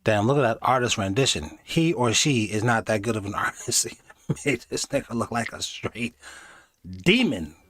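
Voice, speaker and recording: Animated man riffing in reaction commentary. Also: mid-range voice, moderate pace, crowd noise. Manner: animated, jokey, does mocking voices. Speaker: reaction video host.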